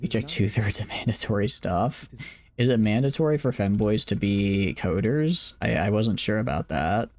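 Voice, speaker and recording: Tired, creaky-voiced young man streaming games. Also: lowish voice, expressive, moderate pace. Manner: rambling, joking, self-deprecating. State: tired, late at night. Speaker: game streamer. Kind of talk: casual live-stream commentary.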